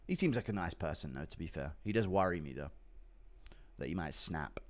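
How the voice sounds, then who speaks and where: A man's voice: deep voice, animated, brisk. A man casually chatting on a livestream, profane and laughing often while reacting to donations.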